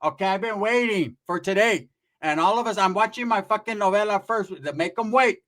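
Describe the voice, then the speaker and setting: A man voicing a bossy, scheming middle-aged aunt who scolds in a drawn-out way in a comedy story. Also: sits high, a bit bright, pitched above the performer's own voice. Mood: scolding.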